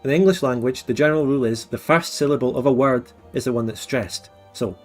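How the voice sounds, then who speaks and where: A man's voice: mid-range voice, fast, soft background music. A Scottish man hosting a casual stream chat, who explains things at length in a playful, questioning way. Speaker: streamer host.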